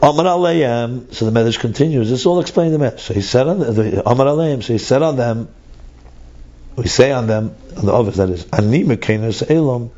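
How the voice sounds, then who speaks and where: A man's voice: mid-range voice, brisk, mellow, highs cut off. A man teaching a text study class, thinking aloud and repeating words as he reads and explains.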